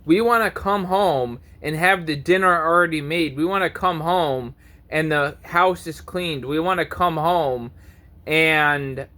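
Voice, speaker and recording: A man's voice: fairly high pitch, a little slow, bright, forceful tone. A man in his thirties ranting to camera in a preachy, confrontational vlog monologue, swearing often. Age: 30s. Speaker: vlogger.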